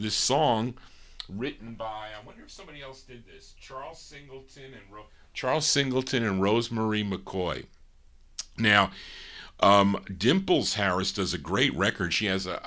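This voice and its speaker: A man's voice: lowish voice, pushed and bright. Chatty man hosting a live record show. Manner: rambling, chatty, talks between records.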